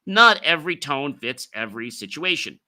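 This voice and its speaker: A man hosting a podcast, coaching listeners on clear speech in an emphatic, direct delivery. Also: a little high, big pitch swings, normal speed, bright, forceful tone. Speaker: podcast host and speaking coach. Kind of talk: instructional podcast talk.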